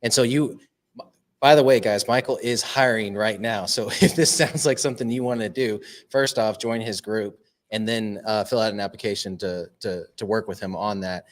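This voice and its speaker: A man's voice: fairly low pitch, steady tone, normal speed. A man hosting a podcast interview, agreeable and affirming as he chats with his guest. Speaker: podcast host.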